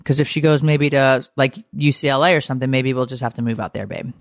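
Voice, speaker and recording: A middle-aged woman co-hosting a podcast, telling stories in a lively, gossipy way and swearing freely. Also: extremely low pitch, fast talker, dry recording, clean studio sound. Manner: animated, gossipy storytelling with swearing. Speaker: podcast co-host. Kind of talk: casual chat.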